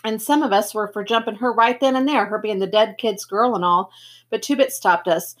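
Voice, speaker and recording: A woman's voice: medium pitch, moderate pace, lightly acted. A woman voicing a tough, cocky teenage boy in a gang, blunt and slangy, in a storybook reading. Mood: offhand.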